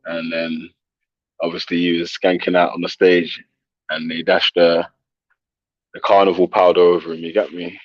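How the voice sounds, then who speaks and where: A very low-voiced man chats loosely to his viewers, full of slang and quick laughs. The sound is close and dry but dull. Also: level tone, no room sound. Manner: slangy, laughing, addressing chat and callers. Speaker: livestream host. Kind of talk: casual livestream chat.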